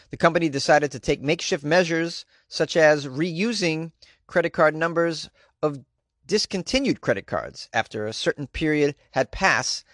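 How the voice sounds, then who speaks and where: A man's voice: medium pitch, no room sound, clean studio sound. A man with a Boston accent, riffing in comedic commentary, rambling and incredulous.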